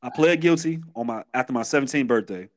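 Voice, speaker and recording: A man's voice: medium pitch, fast. A man in his thirties from Chicago with a Chicago accent, a podcast guest retelling his past in candid, streetwise storytelling with many restarts. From Chicago, USA.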